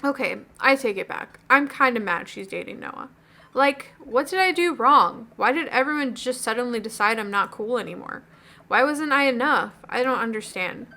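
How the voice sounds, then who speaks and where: A woman voicing an upset, rambling teenage girl in a video game, with a high, bright voice. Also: animated, moderate pace. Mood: hurt. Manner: rambling, gossipy, dejected.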